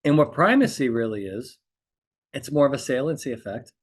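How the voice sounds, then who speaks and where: A man's voice: medium pitch, sing-song, a little fast. A man hosting a podcast, coaching lawyers on courtroom speaking in an emphatic monologue. He repeats his points and keeps checking in with "okay?". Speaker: trial consultant podcast host.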